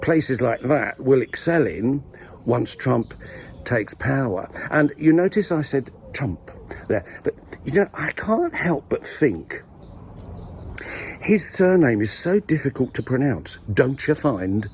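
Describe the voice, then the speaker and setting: A man's voice: medium pitch, very animated, takes it slowly, a little mellow, a little hiss or hum. A man, rambling wryly to camera in a village graveyard, full of hesitant ums and dry asides. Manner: wry, dry humour, hesitant with many ums. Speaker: vlogger. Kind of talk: casual rambling monologue.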